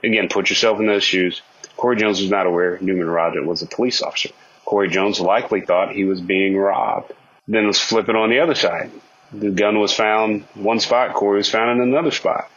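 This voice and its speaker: Deep husky guy picking apart a court case, lots of rhetorical questions, kinda dull lo-fi sound. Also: steady tone, a little fast, fairly bright tone. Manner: argumentative, rhetorical questions, acts out quotes. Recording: dull lo-fi recording.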